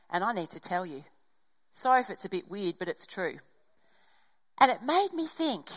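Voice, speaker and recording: A woman's voice: medium pitch, poor audio. A middle-aged woman preaching to a congregation. She tells stories with animation and slips into the voices of the people in them. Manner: animated storytelling, acts out dialogue. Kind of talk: sermon with personal story.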